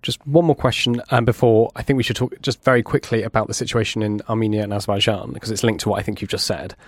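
A man hosting a podcast who reads out listener questions briskly and apologises for his slips. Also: fairly low pitch, fairly even intonation, dry recording, clean studio sound. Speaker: podcast host.

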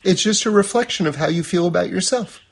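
A male religious teacher with a high, husky voice lectures in a relaxed, conversational way, drawing on everyday examples. He talks fast.

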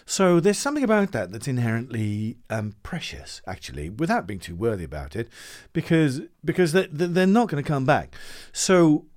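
Lively, explaining man with stammering restarts. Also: mid-range voice, moderate pace, hardly any pauses. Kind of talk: casual conversation.

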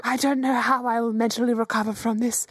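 A woman's voice: fairly high pitch, little pitch movement, a little fast, husky, no echo, studio quality. A woman playing a tabletop role-playing game, hesitant and swearing in casual chat. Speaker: player.

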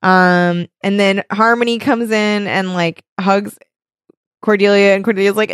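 A woman's voice: fairly low pitch, steady tone, a little slow, clear, resonant tone, dry recording, studio quality. A woman co-hosting a podcast, recapping a TV episode in casual chat, full of ums and likes and casual swearing. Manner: chatty, lots of fillers like um and like, swears casually. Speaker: podcast co-host.

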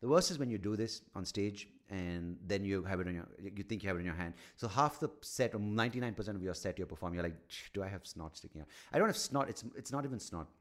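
A man with a fairly low voice hosts a solo podcast. He talks off the cuff into a microphone at home, swearing freely and poking fun at himself. His pitch swings widely as he goes. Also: animated, fast talker, hardly any pauses. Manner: rambling, profane, self-mocking, thinking out loud. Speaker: podcast host and comedian. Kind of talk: rambling solo podcast monologue. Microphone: studio microphone.

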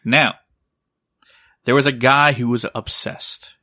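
A man's voice: medium pitch, fairly even intonation, slow pace, sharp tone, no echo, clean studio sound. A man co-hosting a podcast who tells a story in a rambling, casual way, swearing often and checking in with "right?". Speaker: podcast co-host.

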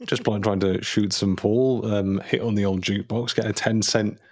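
A man's voice: fairly low pitch, steady tone, moderate pace, a little mellow, dry recording, studio quality. A man co-hosting a podcast, chatting casually with rambling, self-mocking jokes. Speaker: podcast co-host.

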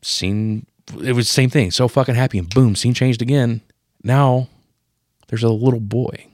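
A man in his thirties telling a personal story on a podcast, emotional and profane, marking each scene change with a sudden boom. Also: fairly even intonation, moderate pace, a little mellow, dry recording, studio quality. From Pennsylvania. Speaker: podcast co-host. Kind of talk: casual storytelling.

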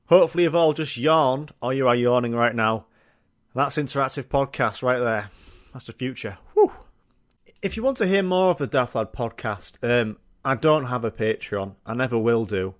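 A man's voice: medium pitch, normal speed. A man hosting his own podcast, rambling daft, sweary, self-mocking jokes. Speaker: podcast host. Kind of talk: casual solo comedy rambling.

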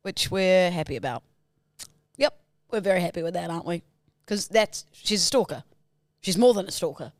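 A woman's voice: lowish voice, lively intonation, normal speed, pauses often, no room sound, studio quality. A woman co-hosting a podcast, chatting casually, laughing and playfully reining in her partner. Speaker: podcast co-host. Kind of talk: casual comedic chat.

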